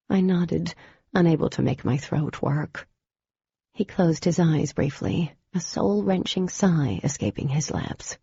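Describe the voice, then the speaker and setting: A woman reads a first-person audiobook in a measured, intimate way. Her voice is dark, gravelly and very husky. The recording is dry and a little dull. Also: deep voice, expressive, no room sound. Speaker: audiobook narrator.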